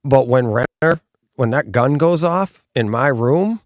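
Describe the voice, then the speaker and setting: A man hosting a casual live talk about home theater, telling stories animatedly and acting out gunshot booms. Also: a little slow, dry recording, studio quality. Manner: animated, acts out gunshot sounds. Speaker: host. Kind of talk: casual chat.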